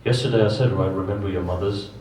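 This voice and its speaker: A man's voice: on the low side, steady tone, quick pace, darkish tone, slight background noise. A man preaches, driving a story forward with rhetorical questions and phrases he repeats for weight. He sits well back from the microphone in a roomy, echoing hall, and a faint murmur of the room sits under his voice. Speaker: preacher at a mourning gathering. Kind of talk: sermon. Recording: echoey distant hall recording.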